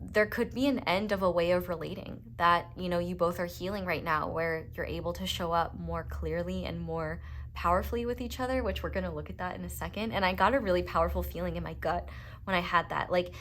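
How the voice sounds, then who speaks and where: Young female tarot reader, low-pitched, gentle and reassuring, chatty and casual. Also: brisk, a little hiss or hum. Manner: gentle, reassuring, with frequent fillers. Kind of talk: casual spoken tarot reading.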